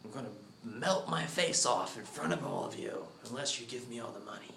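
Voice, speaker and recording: A man's voice: mid-range voice, animated, brisk, vocal fry, a bit bright, a little hiss or hum. A man voicing an unhinged masked bank robber making threats, in an echoey room. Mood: threatening.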